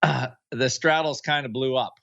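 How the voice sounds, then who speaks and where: A man's voice: medium pitch, steady tone, measured pace, gravelly, bright, forceful tone, muffled recording. A man co-hosting a markets podcast, casually and hesitantly recounting his trades. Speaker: co-host, trader.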